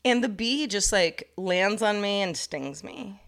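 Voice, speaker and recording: A woman's voice: medium pitch, slow, creaky. A woman co-hosting a casual podcast chat, telling stories and acting out the lines she quotes. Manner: animated storyteller, acts out quotes. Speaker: podcast co-host.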